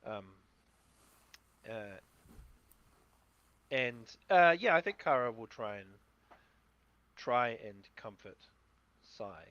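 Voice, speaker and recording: A man with a New Zealand accent playing a tabletop game, talking in a low-key, hesitant way. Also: animated, takes it slowly, pauses often, a bit bright, muffled recording. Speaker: player. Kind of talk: casual tabletop play.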